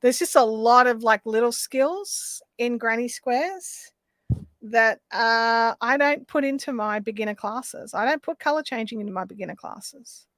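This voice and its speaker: Australian woman, easygoing rambling craft-stream host, slightly high voice, dry close sound. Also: unhurried, a bit bright, no echo. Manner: chatty, rambling, reads out viewer comments. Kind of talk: casual live-stream chat.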